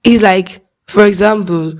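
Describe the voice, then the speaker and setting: A woman's voice: medium pitch, steady tone, unhurried, darkish tone. A young woman with a Nigerian accent hosting a casual faith podcast, talking to her listeners alone and acting out small quoted voices, laughing often. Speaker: podcast host.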